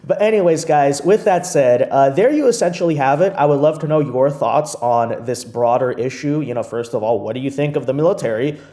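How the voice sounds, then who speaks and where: A man's voice: medium pitch, brisk, hardly any pauses, dark tone. A man hosting a political commentary video, talking in an emphatic, repetitive, mocking way.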